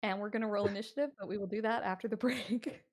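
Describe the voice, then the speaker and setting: A woman's voice: medium pitch, steady tone, quick pace. A woman narrating as game master in a tabletop game over voice chat, laughing often.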